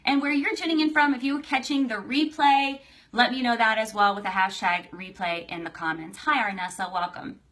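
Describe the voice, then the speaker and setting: Bright chatty woman hosting a live stream. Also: a little high, fairly even intonation, moderate pace. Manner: chatty, greets viewers by name, emotional. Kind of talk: casual livestream chat.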